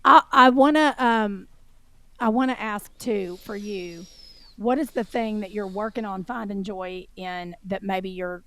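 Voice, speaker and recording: A woman co-hosting a podcast in casual chat, an animated, expressive storyteller who laughs often. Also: mid-range voice, unhurried, dry recording. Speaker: podcast co-host.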